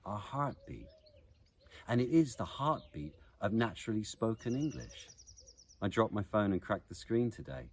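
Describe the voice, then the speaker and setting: A man's voice: fairly low pitch, sing-song, moderate pace, a little hiss or hum. A man explaining poetry in an educational voice-over, chanting the beats aloud to show the rhythm.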